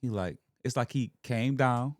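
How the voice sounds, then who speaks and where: In an unhurried, medium-pitched voice, an Alabama-born young man talks on a podcast about his faith and family with real earnestness and emotion. The conversation is casual and heartfelt, captured at studio quality with no room sound.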